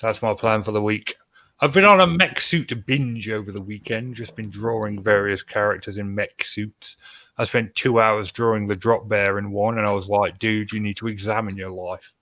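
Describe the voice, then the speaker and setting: A man's voice: fairly low pitch, normal speed, sharp tone, dull audio. A man hosting a podcast, reading news stories with joking, sarcastic asides. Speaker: podcast host.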